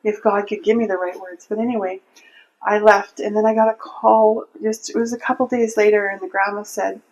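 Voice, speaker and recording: A woman's voice: mid-range voice, flat delivery, brisk, a little mellow, dull audio. A woman telling a personal faith story in an interview, earnest and heartfelt, often restarting her sentences. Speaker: interview guest.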